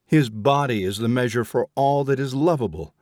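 A man reading an audiobook, voicing an earnest, quietly rebellious young man in a low, grave, measured way. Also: dry recording, clean studio sound, close to an everyday voice. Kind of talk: audiobook character voice.

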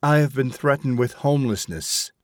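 A man reading an audiobook, voicing an earnest, quietly rebellious young man in a low, grave, measured way. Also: expressive, no room sound, clean studio sound, natural voice. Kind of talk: audiobook character voice.

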